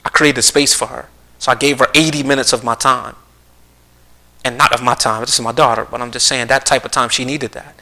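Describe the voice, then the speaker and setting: Bright-voiced middle-aged man telling stories. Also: mid-range voice, fairly even intonation, a little fast, rough recording. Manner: repeats and restarts phrases, earnest storytelling. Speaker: speaker on a community live stream. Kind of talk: conversational talk with storytelling. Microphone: streaming mic.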